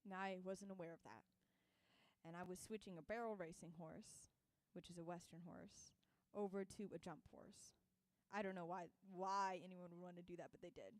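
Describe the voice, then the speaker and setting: A woman's voice: on the low side, moderate pace. A young woman, a singer-songwriter, telling a self-mocking story between songs and laughing as she goes. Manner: animated, self-mocking anecdote told with laughs.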